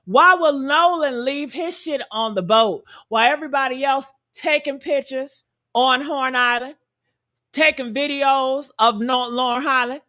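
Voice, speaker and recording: A woman's voice: high-pitched, measured pace, sharp tone. A woman hosting a reaction show, talking bluntly and heatedly, firing off rhetorical questions. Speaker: commentary show host.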